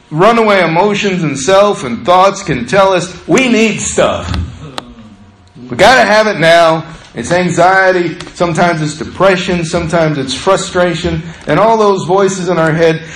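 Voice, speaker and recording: A man preaching a sermon as pastor, talking in a conversational, animated way and telling stories with laughter. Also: high-pitched, roomy sound, slight background noise, rough recording.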